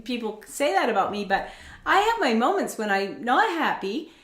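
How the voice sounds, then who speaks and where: A woman's voice: fairly high pitch, sing-song, normal speed, a bit bright. A woman hosting a casual interview, chatty and keen on acting out little bits of dialogue in other voices. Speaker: host. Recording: echoey room.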